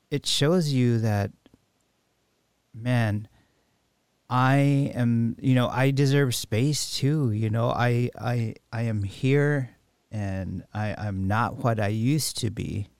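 A man hosting a reflective conversation about recovery, speaking haltingly with many restarts and fillers. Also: lowish voice, gravelly, darkish tone, clear, resonant tone, no echo.

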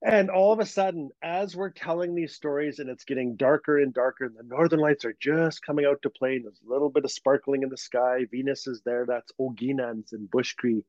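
A man from Northern Canada, a guest telling a story in a lively way, laughing as he goes and acting out the voices. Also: mid-range voice, a little fast, hardly any pauses, dry recording. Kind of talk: animated storytelling. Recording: dull lo-fi sound.

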